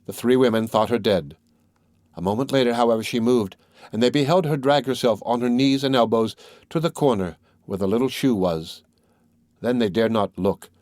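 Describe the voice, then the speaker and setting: A man narrating a classic novel as an audiobook reader in a measured, even way. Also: medium pitch, no echo, clean studio sound. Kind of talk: scripted narration.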